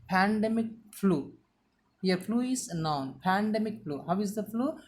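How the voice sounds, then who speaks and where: Woman, teacher, slow and deliberate, repeats and stresses syllables. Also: medium pitch, lively intonation, darkish tone, slight background noise. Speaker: English teacher. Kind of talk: slow vocabulary lesson.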